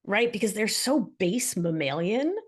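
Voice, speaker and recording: A woman guest in an interview, talking expressively about her practice and telling animated stories. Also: mid-range voice, measured pace. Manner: expressive, animated storytelling with acted quotes. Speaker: guest, somatic practitioner and author. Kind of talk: casual interview chat.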